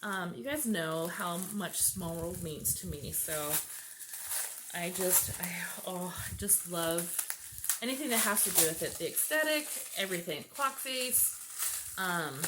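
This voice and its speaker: Female vlogger, gushing unboxing chat, unhurried, noisy room. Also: lowish voice, animated. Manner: gushing, gasping and laughing often. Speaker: vlogger opening gifts.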